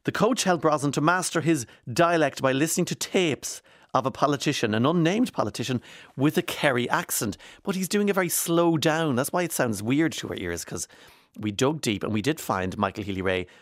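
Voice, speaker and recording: A man's voice: mid-range voice, animated, brisk, dry recording, studio quality. A man giving chatty, digressive commentary on the news as a presenter, with many fillers. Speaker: radio presenter.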